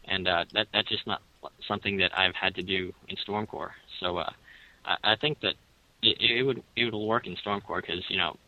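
A man's voice: sits low, steady tone, moderate pace, sharp tone, dry recording, lo-fi sound. A man in his thirties as a guest, speaking hesitantly with repeated words and fillers. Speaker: guest comic creator. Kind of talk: casual interview chat.

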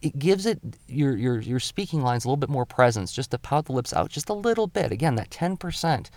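A man's voice: mid-range voice, very animated, brisk, darkish tone, no echo. A male comic illustrator giving a casual spoken drawing tutorial, explaining his tips step by step in a thoughtful way.

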